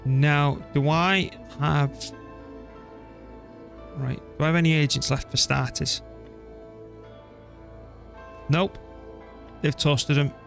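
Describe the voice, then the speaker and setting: A man's voice: a little high, fairly even intonation, slow, gravelly, pauses often, a bit bright, soft background music. A man, casually talking through a strategy game he is playing and muttering to himself as he goes. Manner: chatty, muttering to himself, mild swearing. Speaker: streamer. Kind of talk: casual gameplay commentary.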